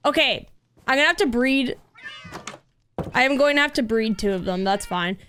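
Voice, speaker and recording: A woman streaming a video game in casual chat, cooing over cute cats and lapsing into soft baby talk to her pet. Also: fairly high pitch, lively intonation, normal speed, long pauses, slight background noise. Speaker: livestreamer. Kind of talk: casual gameplay livestream chat.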